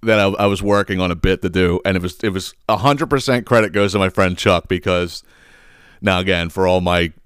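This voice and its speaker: A man rants profanely on his podcast, tripping over repeated words as he goes. His voice is smooth and clear, recorded close and dry. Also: low voice, brisk, a bit bright, dry recording. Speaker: podcast host. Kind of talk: casual podcast rant.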